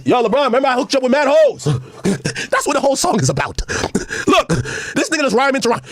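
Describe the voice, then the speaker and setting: A man loudly ranting on a clip, mocking and profane, often shouting and laughing. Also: extremely high pitch, sing-song, quick pace, few pauses, dry recording. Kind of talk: heated reaction rant.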